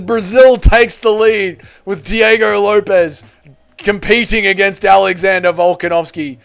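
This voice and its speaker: A young man hosting a casual livestream, reading chat comments and bantering loudly with sudden excited shouts and plenty of swearing. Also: high voice, a little slow, gravelly, clean tone, faint music behind. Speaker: livestream host.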